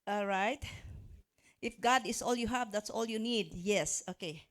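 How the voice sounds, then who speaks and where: A woman's voice: mid-range voice, measured pace, a bit bright. A woman giving a live seminar talk to an audience. She talks in a chatty, coaching way, jokes with the crowd, and often searches for words and restarts her phrases. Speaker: motivational speaker.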